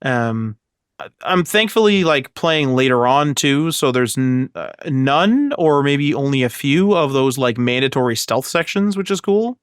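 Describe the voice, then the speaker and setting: A man's voice: mid-range voice, expressive, unhurried, clear, resonant tone, no room sound, studio quality. A man casually chatting about video games on a podcast, rambling with lots of fillers. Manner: rambling, filler-heavy, acts out voices when retelling. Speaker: podcast co-host.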